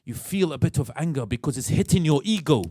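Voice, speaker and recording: A man with an Iraqi accent giving a religious lecture in a mosque, animated, acting out inner voices and asking the audience questions. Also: fairly high pitch, fast talker, no echo, clean studio sound.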